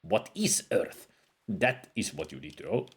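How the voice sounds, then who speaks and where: A man voicing a scholarly male desert wizard in a game, reading slowly and deliberately in a put-on foreign accent. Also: sits low, expressive, husky, pitched below the performer's own voice, full character voice. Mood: earnest.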